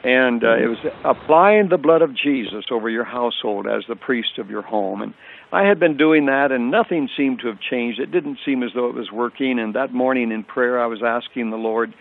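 A man's voice: mid-range voice, normal speed, vocal fry. Older man testifying over a tinny phone line. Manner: earnest storytelling with repeated phrases. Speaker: radio guest. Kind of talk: personal faith testimony.

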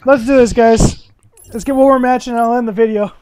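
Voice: medium pitch, steady tone, fairly quick, darkish tone, smooth. A channel host giving casual gaming commentary, joking and laughing often with friends.

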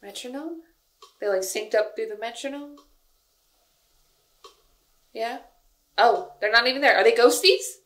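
A young woman chatting casually and excitedly as she reacts to a music video, full of "like" and "yo". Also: fairly high pitch, unhurried, long pauses. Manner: expressive, animated, lots of "like" and "yo". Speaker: K-pop reaction vlogger.

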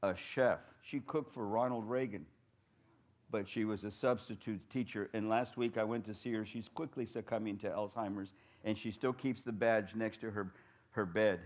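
A man preaching a sermon as a pastor, telling stories with humor and building to loud, shouted points. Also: fairly low pitch, fairly even intonation, normal speed. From Portland, United States. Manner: storytelling, humorous, rising to shouts.

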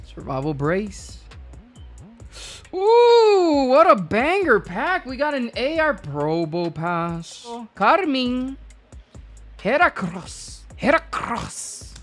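A woman hosting a live card-opening stream, excitable and repeating hype phrases in bursts. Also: fairly high pitch, extremely slow, soft background music.

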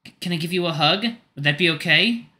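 Brief: kind dog doctor, read by a man, earnest and apologetic, lifted bright voice. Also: on the high side, quick pace, voice pushed up. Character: gentle caring male dog doctor.

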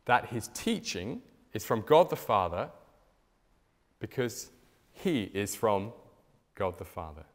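A man preaching a sermon in a church, telling stories with big swings in pitch and loudness. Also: slow pace, long pauses. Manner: animated storytelling with strong swings in pitch and loudness. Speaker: pastor. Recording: reverberant church hall.

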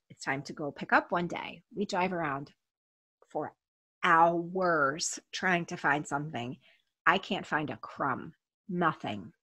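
A woman's voice: on the low side, sharp tone. A woman telling a story in casual talk, blunt and swearing freely, acting out what people said. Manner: blunt, swears freely, acts out quoted dialogue. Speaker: interview guest.

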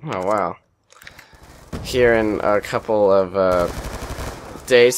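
A man's voice: fairly low pitch, slow, pauses often, a little hiss or hum. Rambling, foul-mouthed young gamer guy. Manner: rambling, self-deprecating, swears often. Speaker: gaming commentator. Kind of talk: casual gameplay commentary.

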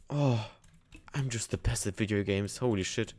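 A man's voice: lowish voice, moderate pace, darkish tone. A man giving jokey, self-mocking commentary while playing a video game. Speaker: gaming YouTuber. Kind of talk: let's-play commentary.

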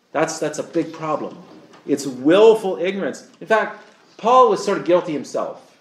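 A man's voice: fairly high pitch, reverberant. A man preaching a sermon as pastor, earnest and fond of rhetorical questions to his listeners.

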